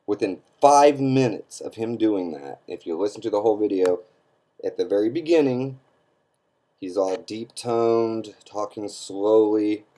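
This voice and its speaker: A man delivers a scornful opinion rant straight to camera. His voice sits on the low side and has a dark, mellow tone. He presses his points hard and keeps checking in with his listeners. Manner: emphatic, scornful, keeps asking "okay?". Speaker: online commentator.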